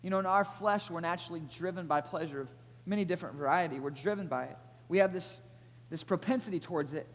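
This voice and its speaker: Animated man preaching in a reverberant hall. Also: on the high side, quick pace. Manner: animated storytelling, energetic, rising loud at climaxes. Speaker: pastor. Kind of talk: sermon with personal story. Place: church auditorium.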